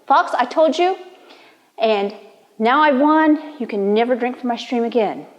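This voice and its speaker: A woman's voice: a little high, lively intonation, unhurried, long reverb tail, highs cut off. A woman voicing a small, crafty crawdad who talks in a smug, matter-of-fact way. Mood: triumphant.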